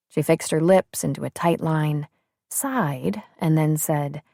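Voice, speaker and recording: Steady woman audiobook narrator. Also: deep voice, slow, gravelly, no room sound, studio quality. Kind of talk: scripted narration.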